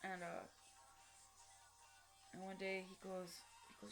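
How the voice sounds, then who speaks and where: A woman tells a personal story in a halting way, with many fillers and restarts. She is blunt and swears casually. A faint bed of music plays under her voice. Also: mid-range voice, monotone. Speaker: vlogger.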